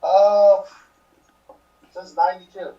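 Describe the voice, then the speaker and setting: Man around 30, relaxed new player, slightly high voice, echoey and muffled remote audio. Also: takes it slowly. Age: 30s. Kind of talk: casual self-introduction. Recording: distant roomy dull remote audio.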